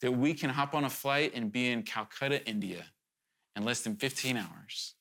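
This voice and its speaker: A man's voice: mid-range voice, normal speed, gravelly, a bit bright. A male preacher delivering a sermon in a mid-range voice. He speaks earnestly and with urgency, in a conversational way, with candid asides and restarts, and his voice rises sharply whenever he presses a point.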